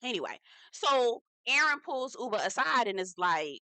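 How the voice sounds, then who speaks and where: A woman's voice: on the high side, expressive, normal speed, bright, forceful tone, dry recording, poor audio. A young woman, hosting a casual, chatty reality TV recap and slipping into the cast's voices. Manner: chatty, sassy, slangy storyteller acting out quotes.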